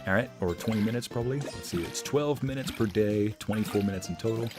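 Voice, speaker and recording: A man's voice: lowish voice, fast, over music. A man streaming a farming game, chatting casually, laughing often and reading game lines aloud. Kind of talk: casual gameplay chat.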